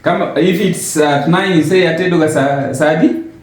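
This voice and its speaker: A man's voice: a little high, normal speed. A man giving an informal language lesson, patiently asking questions and repeating words for his learner. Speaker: language teacher. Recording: very echoey room.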